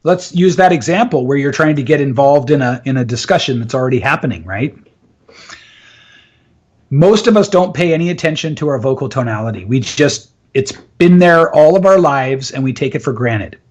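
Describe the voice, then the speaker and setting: A man's voice: medium pitch, lively intonation, normal speed, a little mellow. A man in an interview, enthusiastically explaining voice and communication techniques and often laughing. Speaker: voice and communication coach.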